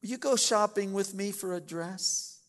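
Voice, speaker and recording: A man's voice: sits high, normal speed, long reverb tail, pitched above the performer's own voice, close to an everyday voice. A man voicing an eager young girlfriend who coaxes her boyfriend to come along shopping. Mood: coaxing.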